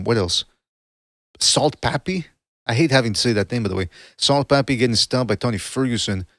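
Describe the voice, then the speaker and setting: A man's voice: mid-range voice, no room sound, clean studio sound. A man from Canada hosting a boxing podcast livestream, chatting casually and rambling, often breaking off mid-sentence to correct himself.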